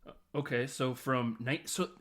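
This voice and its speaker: A man hosting a podcast, recapping a movie in a loose, animated way, laughing and swearing as he tells the scenes. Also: medium pitch, normal speed. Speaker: podcast host. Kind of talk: casual film recap.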